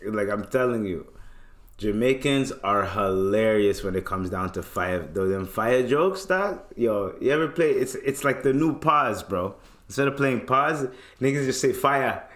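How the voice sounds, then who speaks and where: A man's voice: fairly low pitch, lively intonation, measured pace, fairly bright tone, roomy sound. A man with a Toronto accent hosting a podcast, rambling in casual chat and laughing often. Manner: laughs a lot, slangy and rambling. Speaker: podcast host.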